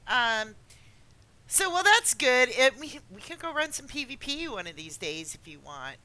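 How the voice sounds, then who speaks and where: A woman hosting a casual chat, talking in a chatty way with many uhs and halting starts. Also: sits high, sing-song, sharp tone. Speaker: host.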